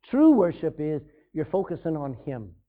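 A man's voice: a little high, sing-song, normal speed. A man preaching a sermon in a conversational way, acting out scenes in different voices. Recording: tinny phone-like sound.

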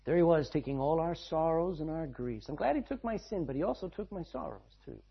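A man preaching a sermon, swinging between loud, driving lines and hushed, quiet ones. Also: fairly high pitch, expressive, fairly quick, vocal fry, husky. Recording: dull lo-fi sound.

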